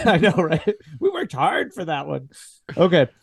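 A man's voice: on the high side, huge pitch swings, a little slow, gravelly, breathy edge, no echo, clean studio sound. A man running a tabletop horror game as game master, jokey and laughing easily, restarting his sentences.

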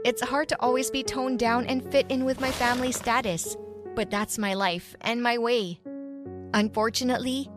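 A woman narrating a first-person story in an animated way, acting out the characters' lines. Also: a little high. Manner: animated, voices characters in quotes. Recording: soft music behind.

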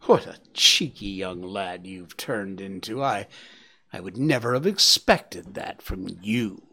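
A man's voice: low voice, animated, slow, bright, forceful tone, slightly rough, voice pushed down, heavily acted. A man voicing Ronno, a limping older male stag who talks with mocking contempt, in an audiobook reading. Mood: contemptuous. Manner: mocking, condescending.

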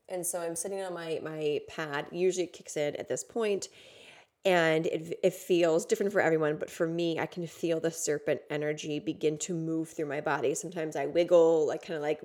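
Woman podcaster, low voice, casual and intense storytelling with fillers and curses. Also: fairly even intonation, normal speed, darkish tone. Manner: casual, filler-heavy, swearing, intense retelling. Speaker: podcast host. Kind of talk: personal storytelling monologue.

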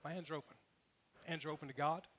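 Male pastor, slightly high and bright, humorous storyteller in the pulpit. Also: steady tone, fast. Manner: humorous storytelling with acted quotes. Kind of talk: sermon.

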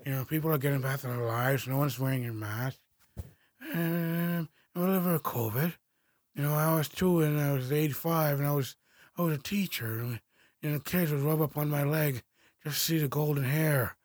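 A man doing a mocking impression of a rambling, confused elderly male president, soft-spoken and drifting. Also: fairly high pitch, moderate pace, dry recording, close to an everyday voice.

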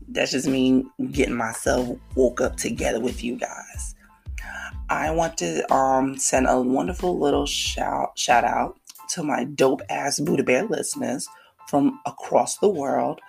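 A podcast host from New with a croaky, frog-like voice, talking in a hyped, slangy casual monologue full of shout-outs. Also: mid-range voice. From New York City.

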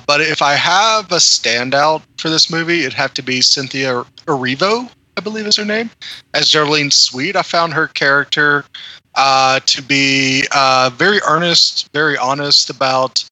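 A man's voice: on the high side, pushed and bright, no echo, rough recording. A man reviewing a film on a podcast in casual chat, hesitant with many fillers.

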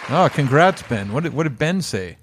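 A man's voice: medium pitch, big pitch swings, normal speed, some chatter behind, a little hiss or hum. A man co-hosting a podcast, chatting casually and upbeat while plugging the show. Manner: casual, upbeat, plugs the show's website. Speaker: podcast co-host. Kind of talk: casual chat.

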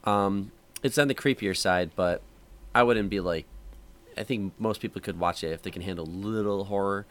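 Low-voiced man chatting loosely. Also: normal speed. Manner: rambling, relaxed storytelling with many fillers. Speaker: podcast host. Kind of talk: casual chat.

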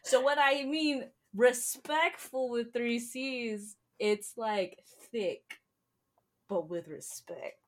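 A woman's voice: fairly high pitch, slow. A woman hosting a podcast in casual chat, chatty and full of fillers, laughing often. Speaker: podcast host.

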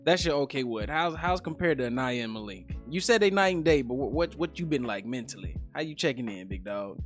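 A man's voice: medium pitch, expressive, a little fast, faint music behind. A man co-hosting a casual podcast, retelling stories dramatically in slang. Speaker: podcast co-host. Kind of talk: casual chat.

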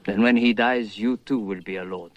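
An actor playing a proud Arab tribal leader, asking measured questions in film dialogue. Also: male voice, fairly low pitch, steady tone, no echo, lo-fi sound, close to an everyday voice. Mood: probing.

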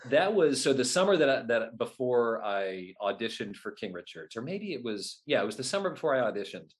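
A man, a guest telling stories in an animated way and acting out his own past remarks. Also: mid-range voice, fairly quick. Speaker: guest, whip performer at renaissance fairs. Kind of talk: casual interview storytelling.

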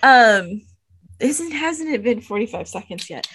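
A woman's voice: fairly high pitch, expressive, unhurried, a bit bright, a little hiss or hum. A woman playing a party game, stumbling and laughing as she improvises a wrestling promo. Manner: flustered, hesitant, laughing between lines. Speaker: player.

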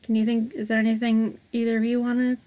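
A woman's voice: fairly high pitch, little pitch movement, quick pace, warm tone. A woman co-hosting a casual podcast, rambling with many hesitant fillers. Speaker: podcast co-host.

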